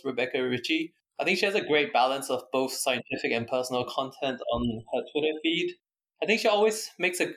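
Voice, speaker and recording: A man's voice: medium pitch, fairly bright tone, a little hiss or hum. A man guest in casual chat, amused and laughing between phrases, over a remote call.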